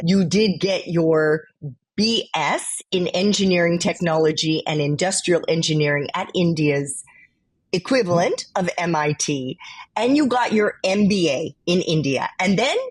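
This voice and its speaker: A woman hosting an interview, asking measured, deliberate questions. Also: fairly low pitch, husky. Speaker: interview host.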